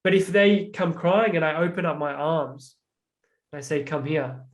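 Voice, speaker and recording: A man with a slightly higher-pitched voice talks through his own experiences in a casual, reflective conversation. He tells stories at length and fills his sentences with "like.". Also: moderate pace. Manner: reflective, storytelling, many "like" fillers. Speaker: guest.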